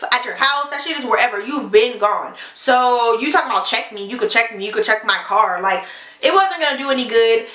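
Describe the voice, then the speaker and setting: A young woman vlogger recounts a wild night in an animated, profane storytime voice. Her tone is bright and forceful, pitched a little high for a woman. The room around her rings with echo. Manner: animated, profane, fired-up retelling with acted quotes. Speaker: beauty vlogger. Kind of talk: storytime vlog.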